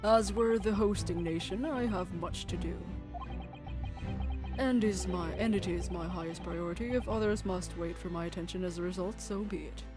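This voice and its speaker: A woman's voice: on the low side, moderate pace, over music, natural voice. A woman voicing a stern, self-important male Lord Chief Justice as she reads game dialogue aloud, formal and dismissive.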